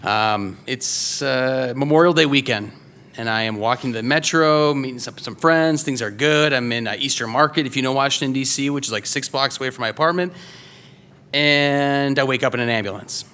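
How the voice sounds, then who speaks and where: A man in his thirties from Wisconsin tells a true first-person story on a live stage before an audience at a story slam, casual and loose, with many fillers and restarts. His voice is medium-pitched and of normal speed, pushed and bright, with a clear, resonant tone.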